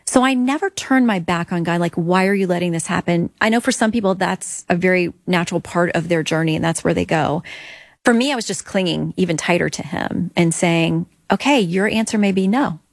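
A woman's voice: on the low side, a little fast, no room sound. A woman guest earnestly telling her faith story in an interview, acting out quoted lines.

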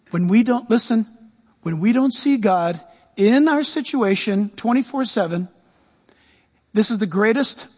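Passionate high-voiced preaching man. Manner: passionate, repeating phrases. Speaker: pastor. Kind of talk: preaching talk.

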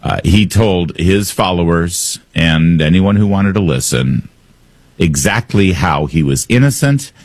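A man hosting talk radio, delivering combative political commentary. His voice sits very low and has a husky grain. His pitch swings widely as he mocks and scoffs, and the sound is dry, with no room echo. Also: lively intonation, measured pace. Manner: sarcastic, combative.

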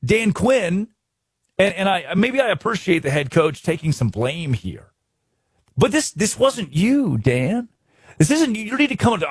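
A man's voice: high voice, sing-song, unhurried, slightly rough, dry recording, clean studio sound. A man from Arkansas hosting a sports talk show, ranting emphatically and restarting his sentences. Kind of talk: animated sports commentary.

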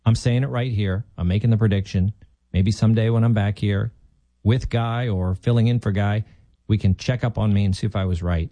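Opinionated talk radio host with a mellow voice. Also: male voice, fairly low pitch, fairly even intonation, fairly quick, no room sound. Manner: opinionated, emphatic, thinking aloud.

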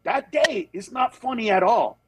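A man who works as a stand-up comedian, telling stories in a casual conversation. He acts out other people's voices and turns earnest and measured on serious topics. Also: very high voice, lively intonation, husky, no echo.

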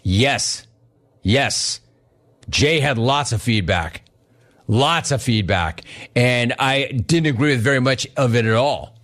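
A man's voice: mid-range voice, slow pace. A middle-aged man hosting a sports radio show, chatting casually through listener questions and acting out the dialogue in his stories. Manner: animated storytelling, acts out quoted dialogue.

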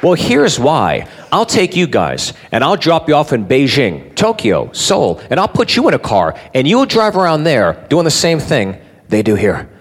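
A male stand-up comedian performing a loud, crowd-baiting routine. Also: fairly high pitch, huge pitch swings, normal speed. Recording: live club with crowd and noise.

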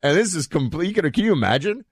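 A man's voice: a little high, sing-song, fast talker, breathy edge, no room sound, studio quality. A man hosting a talk show, chatting in a rambling, casual way with many restarts and fillers.

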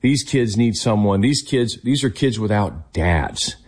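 A man's voice: fairly low pitch, animated, unhurried, a little mellow, husky. A man hosting a Christian talk show and interview, speaking with enthusiasm and affirming his guest. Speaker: host.

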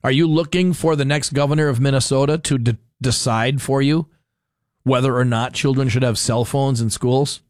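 A man's voice: medium pitch, fairly even intonation, normal speed, darkish tone, no echo. A talk radio host, speaking into a studio microphone with a dry, close sound. He talks in an opinionated, sarcastic way, full of ums and uhs. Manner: opinionated, sarcastic, many fillers. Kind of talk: casual political talk radio.

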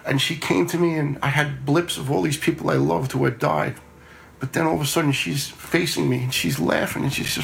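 Middle-aged male storyteller, gravelly and plain-spoken, earnest, sometimes repeats himself. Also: a little high, fairly even intonation, a little fast. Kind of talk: personal storytelling.

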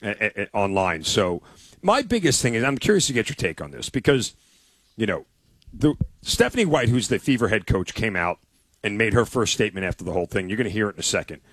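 A man's voice: on the low side, sing-song, brisk, fairly bright tone, no echo. A man co-hosting a casual sports talk show, telling stories with enthusiasm and repeating himself. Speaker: co-host.

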